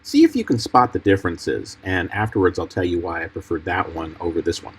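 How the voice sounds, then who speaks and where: Husky low-voiced man explaining edits. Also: rough recording. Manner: explanatory, measured. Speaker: film editor. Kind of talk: commentary over film clips.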